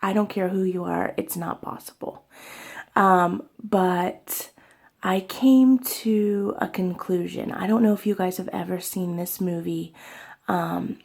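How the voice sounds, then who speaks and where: Slow, gravelly, husky-voiced woman vlogger. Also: lowish voice, fairly even intonation. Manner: tearful, halting, many fillers and soft whispery stretches. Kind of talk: emotional personal vlog.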